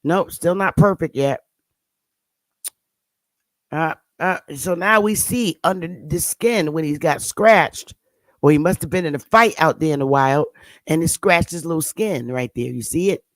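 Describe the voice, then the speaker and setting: A woman's voice: sits low, a little slow, no echo. A woman hosting her channel, giving blunt, sarcastic casual commentary on pictures and scolding her viewers. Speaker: channel host.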